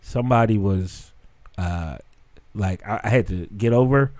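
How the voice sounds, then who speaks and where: A man telling animated stories in casual podcast chat, swearing freely. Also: on the low side, unhurried, dry recording.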